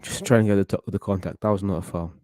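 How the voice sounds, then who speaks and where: A man's voice: low-pitched, steady tone, rapid-fire, mellow, dry recording. A man hosting a football watchalong, chatting casually and giving opinionated commentary on the match. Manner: chatty, opinionated, thinks aloud with restarts.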